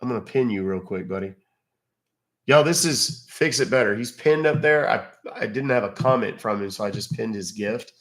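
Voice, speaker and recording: A man's voice: fairly low pitch, a little fast, hardly any pauses. A man hosting a casual livestream, rambling conversationally and thanking viewers by name. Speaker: livestream host.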